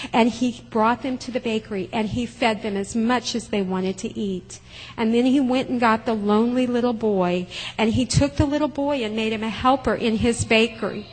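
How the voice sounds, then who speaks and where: Husky-voiced woman telling a children's sermon. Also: a little high. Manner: expressive, simple storytelling. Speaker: children's storyteller at church. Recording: long hall reverb.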